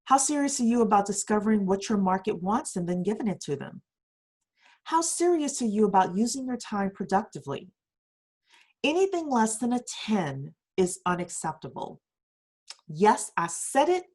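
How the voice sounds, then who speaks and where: A woman's voice: mid-range voice, very animated, moderate pace, darkish tone, breathy edge. A woman hosting a daily economic news podcast, reading stories with emphatic rhetorical questions. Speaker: podcast host.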